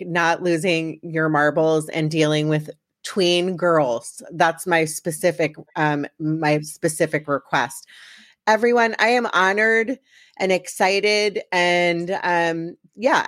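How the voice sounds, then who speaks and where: A woman's voice: lowish voice, a bit bright, dry recording, studio quality. A woman hosting a podcast, chatting casually and rambling with restarts. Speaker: podcast host. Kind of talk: casual chat.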